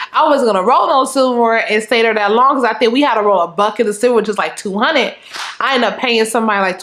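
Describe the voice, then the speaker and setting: A young woman with a Southern US accent tells a story in a casual, animated way, talking straight to the viewer. Her voice sits fairly high, and it echoes around a room that bounces the sound back. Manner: animated, chatty, fills talk with "you know what I'm saying". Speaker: storytime vlogger.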